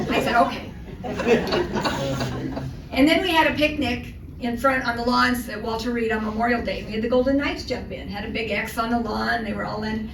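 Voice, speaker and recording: Older woman telling lively stories in an echoey hall. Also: fairly high pitch, fairly quick. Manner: lively, animated anecdotes with comic timing. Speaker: guest speaker. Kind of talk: storytelling speech. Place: luncheon hall. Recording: echoey hall from far off, noisy.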